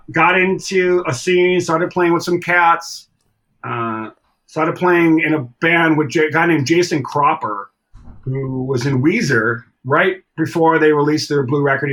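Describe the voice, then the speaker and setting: A middle-aged man telling stories from his past in a casual interview, animated and acting out the voices of people he quotes. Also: a little high, unhurried. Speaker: drummer and podcast guest.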